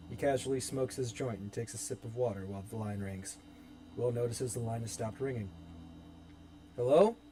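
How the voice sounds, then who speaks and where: A man's voice: lowish voice, dark tone. A young man narrating scene directions evenly in a dramatic reading of his own horror script. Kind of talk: dramatic script table-read. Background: background music.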